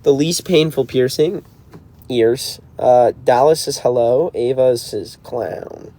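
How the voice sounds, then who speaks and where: A man's voice: medium pitch, slow, mellow. Chill 20s guy reading chat on a livestream from a car, mid voice. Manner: laid-back, answers viewer comments. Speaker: band member hosting a livestream.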